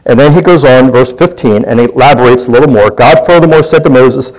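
A man's voice: mid-range voice, fast, a little mellow, low-quality recording. A man leading a Bible study, teaching in a conversational way and putting questions to his group.

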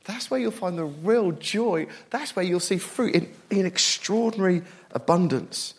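A middle-aged man preaching a sermon, animated and self-deprecating, moving from loud bursts to hushed, quiet passages. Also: high voice, unhurried, slightly rough.

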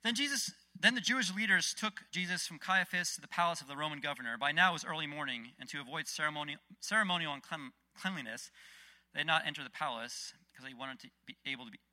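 A man giving a casual, conversational sermon with Bible readings and lively retellings. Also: a little high, fast. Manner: conversational, animated, frequent restarts. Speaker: preacher.

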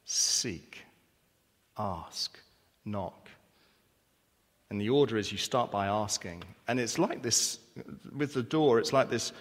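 A man's voice: lowish voice, slow, pauses often. Earnest male pastor in a reverberant hall. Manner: earnest, rhetorical questions and repetition. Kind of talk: sermon. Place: church hall. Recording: long church reverb.

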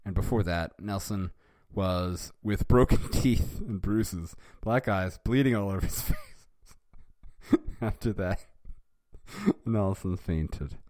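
A man's voice: deep voice, takes it slowly, pauses often, darkish tone, no echo, studio quality. A man hosting a casual reading of a fan story, making wry, amused asides as he goes. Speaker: reader and host.

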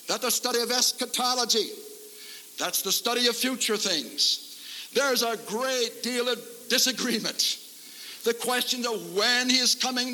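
A man's voice: very high voice, pushed and bright, slight background noise. A man preaching a revival sermon at a camp meeting, fervent and emphatic, repeating lines for effect. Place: large camp-meeting hall before a congregation. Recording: live sermon with long hall reverb.

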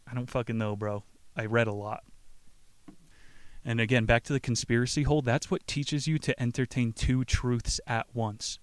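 A man's voice: medium pitch, fairly even intonation, moderate pace, clear, resonant tone, no echo. A man hosting a podcast, talking in a blunt, casual way and swearing offhandedly. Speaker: podcast host. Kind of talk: casual chat.

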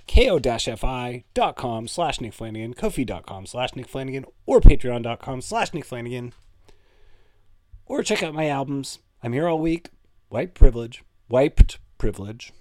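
A man's voice: medium pitch, big pitch swings, normal speed, mellow, dry recording. A man from Toronto, hosting a solo comedic podcast in a playful, rambling way. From Toronto, Canada. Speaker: podcast host.

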